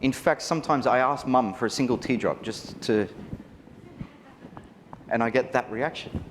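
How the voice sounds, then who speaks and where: An Australian man giving a wedding photography seminar, chatty and animated, often asking the audience questions. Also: medium pitch, normal speed, long pauses, slight background noise. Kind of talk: live seminar talk to an audience. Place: large hall. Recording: reverberant hall with faint ambience.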